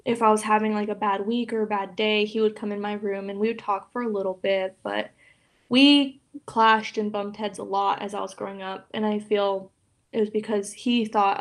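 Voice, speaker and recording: A young woman speaking as a podcast guest, talking openly and emotionally in a casual, soft way with many fillers. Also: medium pitch, fairly even intonation, normal speed. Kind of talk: casual interview chat.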